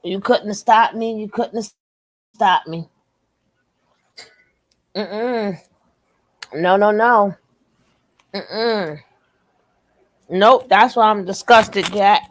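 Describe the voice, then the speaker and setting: A woman's voice: mid-range voice, very slow, pauses often. A woman giving reaction commentary, emphatic and blunt, repeating her phrases again and again. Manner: blunt, curses then apologizes.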